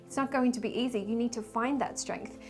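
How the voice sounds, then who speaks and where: A woman giving a casual weekly tarot reading, emotional and rambling, with sighs and soft laughs. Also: a little high, steady tone, a little fast, over music. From Australia. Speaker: tarot reader and spiritual guide.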